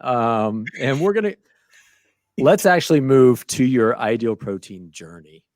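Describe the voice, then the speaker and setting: A man's voice: mid-range voice, very animated, no room sound. Encouraging male podcast host, dry sound. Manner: encouraging, quick to laugh and cheer the guest on. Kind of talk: casual interview chat.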